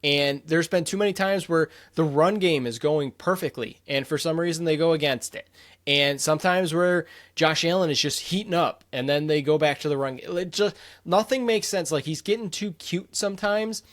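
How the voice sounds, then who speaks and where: A man's voice: a little high, moderate pace, fairly bright tone. Blunt, opinionated male podcast host. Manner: opinionated, blunt, rattles off scores. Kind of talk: casual sports podcast chat.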